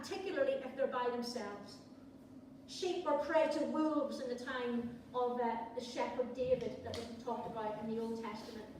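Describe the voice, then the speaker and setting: High-voiced woman preaching in an echoey church. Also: a little hiss or hum. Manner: conversational with playful asides. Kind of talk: sermon. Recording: echoey church hall from far off.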